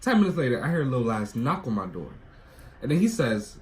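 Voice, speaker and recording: A young man with a New York accent in a casual chat, telling stories in an animated way and swearing a lot. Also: mid-range voice, fast talker. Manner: animated storytelling, swears often. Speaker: co-host.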